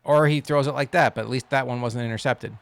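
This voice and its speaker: A man giving casual commentary while playing a football video game, wry and quick to complain, then cheering loudly on big plays. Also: mid-range voice, steady tone, creaky, no echo. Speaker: gaming channel host.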